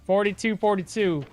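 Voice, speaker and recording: A man streaming a game, chatting with viewers in an exasperated, laughing way. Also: high voice. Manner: exasperated, laughing, talks to chat. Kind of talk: casual live-stream commentary.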